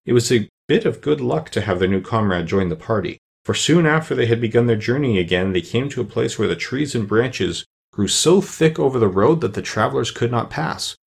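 A man narrating a children's storybook in a steady, even reading voice. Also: mid-range voice, fairly quick, creaky, hardly any pauses. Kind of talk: audiobook narration.

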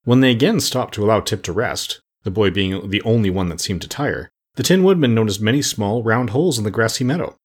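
A man reading a storybook aloud in a measured, steady narration. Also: on the low side, husky. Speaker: audiobook narrator.

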